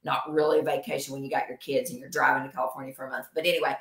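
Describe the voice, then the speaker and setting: Emphatic low-voiced woman. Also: level tone, very fast, fairly bright tone, echoey room. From Kentucky. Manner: emphatic, repeats phrases for emphasis. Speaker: nurse practitioner and show host. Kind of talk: casual livestream talk.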